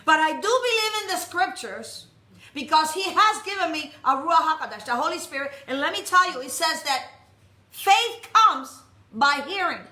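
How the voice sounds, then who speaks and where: A woman preaches with a high, piercing voice. She is forceful and commanding, and she calls out to the congregation. The sound echoes around the temple room. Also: animated, normal speed. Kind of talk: sermon. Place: messianic temple.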